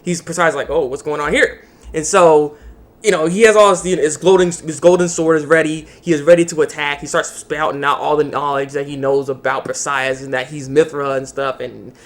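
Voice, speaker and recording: A man's voice: fairly high pitch, fairly even intonation, fairly quick. A young man casually recapping an anime episode for his video channel, rambling with lots of fillers. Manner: rambling, filler-heavy storytelling. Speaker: anime reviewer.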